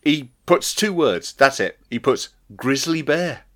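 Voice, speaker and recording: A man's voice: medium pitch, animated, measured pace. A man co-hosting a podcast, reading out listener comments, laughing often, stumbling over restarts and swearing casually. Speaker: podcast co-host.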